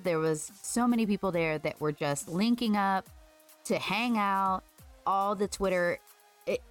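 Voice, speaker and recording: A woman co-hosting a podcast in casual chat, upbeat and chatty with many fillers. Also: fairly low pitch. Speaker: podcast co-host.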